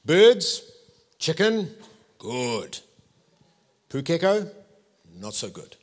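A man, preaching a sermon with animated storytelling and playful asides to the congregation. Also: medium pitch, unhurried, pauses often. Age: 50s.

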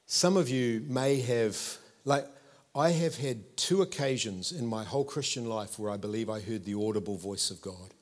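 A man in his fifties with a New Zealand accent preaches a sermon in a conversational, animated style, checking in with his listeners. His voice is lowish and his speed normal.

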